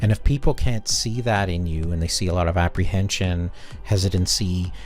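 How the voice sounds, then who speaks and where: Guy host asking questions, chill and conversational, lowish voice, faint music. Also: steady tone, moderate pace. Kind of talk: interview questions.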